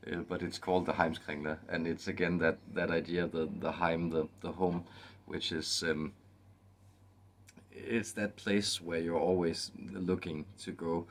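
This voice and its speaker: A man channeler giving a casual spoken introduction, halting and often repeating and restarting his words. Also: low-pitched, flat delivery.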